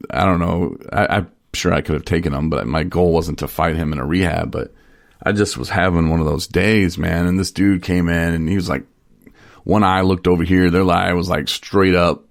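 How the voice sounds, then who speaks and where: A man's voice: low voice, steady tone, normal speed, vocal fry, dry recording, studio quality. A man in recovery telling stories on a casual radio talk show, rambling with restarts and short laughs. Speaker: person in recovery sharing his story.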